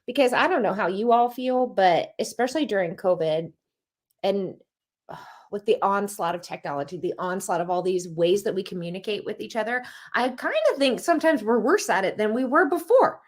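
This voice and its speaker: A woman, chatting as a guest author and coach, telling self-deprecating stories with lively energy. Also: medium pitch, normal speed. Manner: animated, self-deprecating storyteller. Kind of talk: casual chat.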